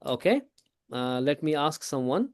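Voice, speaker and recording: A man teaching a tajweed class in a classroom. He explains slowly, asks his students questions, repeats his points and switches into Hindi now and then. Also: fairly high pitch, sing-song, smooth, no room sound, clean studio sound. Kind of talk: classroom lesson.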